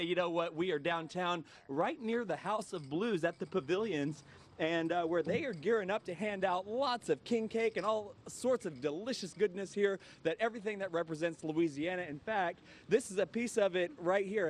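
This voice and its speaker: A man reporting live from a downtown street, lively, informal and joking. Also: high-pitched. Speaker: field reporter. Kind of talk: live outdoor news report.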